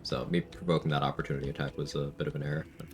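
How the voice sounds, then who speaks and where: A man with a very low, deep voice talks through his game live on stream, casual and matter-of-fact as he lays out his reasoning. Faint game music plays quietly behind him. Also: little pitch movement, very fast. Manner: matter-of-fact, explains tactics while playing. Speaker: streamer playing a challenge run.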